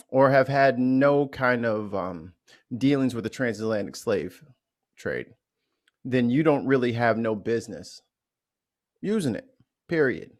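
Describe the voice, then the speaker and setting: Blunt, profane man from St. Louis. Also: mid-range voice. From St. Louis, USA. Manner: blunt, profane, halting with many restarts. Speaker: interview guest. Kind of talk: candid storytelling in a podcast interview.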